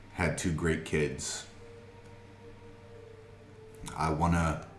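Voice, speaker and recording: A man's voice: extremely low pitch, roomy sound, a little hiss or hum. A man voicing a middle-aged village woman speaking plainly for her life.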